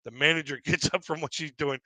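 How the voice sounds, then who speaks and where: A man's voice: on the high side, fairly even intonation, fast talker, bright, forceful tone, no echo, low-quality recording. A man doing stand-up, telling rambling anecdotes, often restarting his sentences and laughing at his own stories. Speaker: stand-up comedian.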